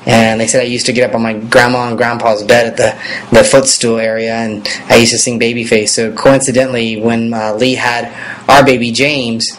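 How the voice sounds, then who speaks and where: A man's voice: medium pitch, normal speed, a little hiss or hum, rough recording. Rambling man answering fan questions. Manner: relaxed and rambling, many fillers. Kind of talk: casual video Q&A.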